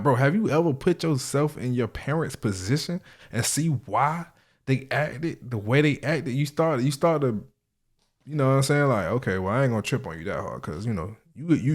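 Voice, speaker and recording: Loose-talking man reacting on camera. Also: mid-range voice. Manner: loose, profane, animated slang-heavy storytelling. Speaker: reaction video host. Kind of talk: casual reaction commentary.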